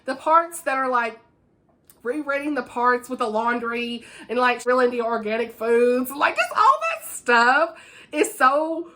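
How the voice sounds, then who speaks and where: A woman's voice: a little high, expressive, unhurried, pushed and bright. A woman chatting casually about books she has read, gushing and giggly as she reviews them. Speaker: book vlogger. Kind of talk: casual book review chat.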